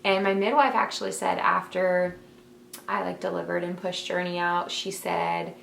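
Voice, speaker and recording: A young woman chats to the camera from her bedroom, telling a story in an easy, emotional way. She fills her speech with "like" and "um". The room adds a clear echo, with a faint hum of ambient noise behind her. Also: on the low side, level tone, moderate pace, a bit bright. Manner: chatty, many fillers like "like" and "um"; emotional, heartfelt.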